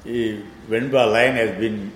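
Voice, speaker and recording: A man's voice: on the low side, fairly even intonation. Male poetry tutor, patient explainer who reels off verse, echoey room with a faint hiss. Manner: patient, explanatory, recites verse quickly in sing-song. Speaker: teacher of classical poetry. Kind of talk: explaining a poem line by line.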